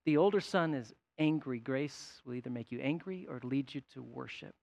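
A man preaching a sermon, animated, rising to a shout at points. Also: mid-range voice, normal speed, gravelly. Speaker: pastor.

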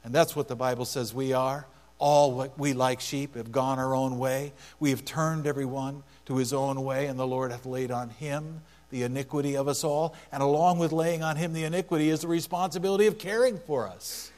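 A man's voice: medium pitch, fairly even intonation, normal speed, darkish tone. A male pastor preaching a sermon, emphatic, repeating key phrases for stress. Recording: long hall reverb with mains hum.

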